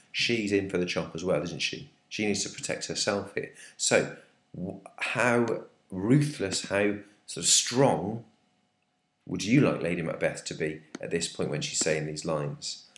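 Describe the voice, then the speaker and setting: Deep-voiced teacher talking through a text. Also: male voice. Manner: chatty, questioning, full of ums. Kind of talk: literature lesson talkthrough. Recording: echoey room.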